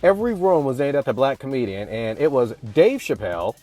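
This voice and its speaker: A man vlogging, telling a story casually in a slangy, animated way. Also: mid-range voice, fast talker, faint music behind. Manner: animated, slangy, acts out quotes.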